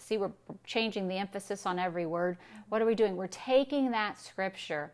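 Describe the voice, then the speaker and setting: A woman's voice: mid-range voice, moderate pace. A woman pastor giving a sermon, preaching emphatically with repetition and rhetorical questions.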